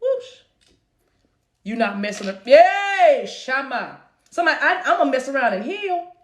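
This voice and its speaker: A woman's voice: high-pitched, very animated, moderate pace. A woman leading a live-streamed spiritual reading, with a rhythmic, preacher-like delivery. She breaks into chanted tongues and calls her listeners "baby". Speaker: spiritual reader and channel host. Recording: roomy echo.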